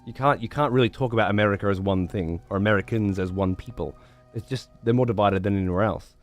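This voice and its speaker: A man's voice: fairly low pitch, fast, faint music behind. A man livestreaming, chatting to viewers in a rambling, profane way and repeating words as he thinks. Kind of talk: casual chat to stream viewers.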